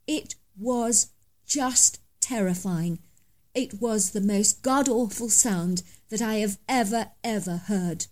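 A woman's voice: medium pitch, darkish tone. A woman reading a first-person story aloud as scripted narration, in a dramatic, emphatic manner.

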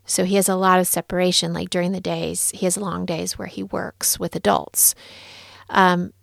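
Woman, thirties, earnest storyteller; fry-heavy voice, dry close recording. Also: lowish voice, flat delivery, no room sound. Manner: soft, earnest, candid, with pauses and restarts. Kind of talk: personal story, reflective talk.

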